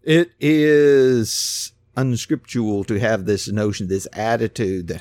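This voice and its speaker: A man's voice: lowish voice, takes it slowly, few pauses, darkish tone, no room sound. A man preaching a casual, folksy sermon who acts out the voices in his stories.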